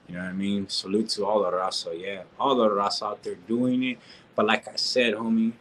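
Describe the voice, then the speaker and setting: A man's voice: lowish voice, a bit bright, slight background noise, rough recording. A man, talking in a casual live-stream rant, slangy and repetitive, peppering his talk with street asides and restarting his sentences. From California. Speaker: reaction streamer.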